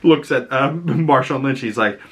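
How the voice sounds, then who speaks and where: A man's voice: medium pitch, a little slow. A man giving casual, chatty reaction commentary on a movie trailer, laughing often.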